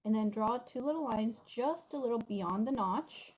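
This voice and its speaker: Young woman doing a chatty drawing tutorial at home, kinda high voice, lil bit of noise behind her. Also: animated, normal speed, darkish tone, low-quality recording. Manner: chatty, giggly, addresses viewers as guys. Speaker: art instructor.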